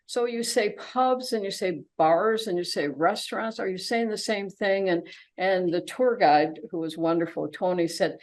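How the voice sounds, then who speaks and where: A woman's voice: medium pitch, moderate pace, darkish tone, rough recording. An older woman giving an informal travel slide talk, chatty and full of fillers and restarts. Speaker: travelogue presenter.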